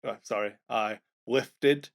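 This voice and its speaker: A man's voice: lowish voice, slow, gravelly. A man co-hosting a podcast, chatting casually about running tabletop games, self-mocking, with fillers and false starts. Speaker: podcast co-host, game master.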